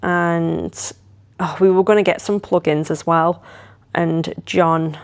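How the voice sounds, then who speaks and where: A woman's voice: fairly low pitch, fairly even intonation, slow pace. A woman, chatting casually and rambling animatedly as she talks to her vlog audience. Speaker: vlogger.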